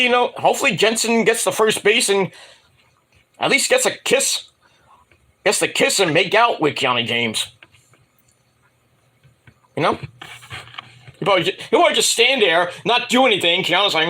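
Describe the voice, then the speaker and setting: Guy rambling thru a wrestling review, high voice, swoops up and down a lot. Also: very animated, moderate pace, pauses often, sharp tone. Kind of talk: casual solo review monologue.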